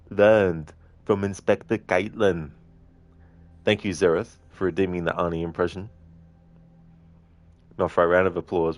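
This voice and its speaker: A young man chats through a live game stream, breaking into giggles as he reads out viewer messages. His voice sits low, and the sound is dry and close with no room around it. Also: no room sound. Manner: giggly, chatty, reading chat aloud. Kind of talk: live gameplay stream chat.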